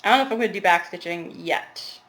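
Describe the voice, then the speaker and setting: A woman's voice: lowish voice, fast, fairly bright tone. A young woman chatting casually to camera about her cross-stitch, rambling with laughing asides, recorded at home in a small apartment.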